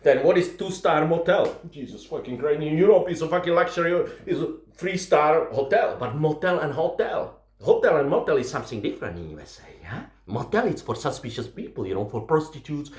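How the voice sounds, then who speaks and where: A stand-up comedian with a Russian accent tells rambling, profane stories in broken English. His voice is on the high side, animated and fairly quick with few pauses, and the sound is roomy.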